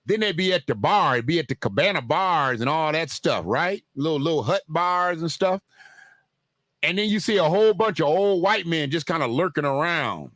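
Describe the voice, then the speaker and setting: A man hosts a casual livestream, riffing in a loose, joking way and addressing his viewers directly. His voice sits a little high for a man. It is recorded dry and close, with no room sound. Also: animated, moderate pace, a bit bright, no echo. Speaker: livestream host.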